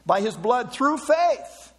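A man's voice: very high-pitched, sing-song, slow, long reverb tail. A man preaching a sermon, emphatic and rhetorical, repeating words for stress.

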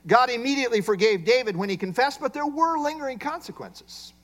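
A male pastor preaches a sermon, working through a Bible passage verse by verse and asking his listeners rhetorical questions in an expository style. His voice sits high and moves lively up and down, and his delivery is brisk.

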